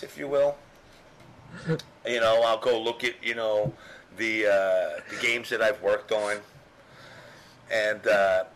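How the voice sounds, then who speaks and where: A man's voice: fairly low pitch, a bit bright, low-quality recording. A middle-aged man from New York telling a rambling, profane story in casual chat, full of fillers. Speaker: podcast guest, former strategy guide writer.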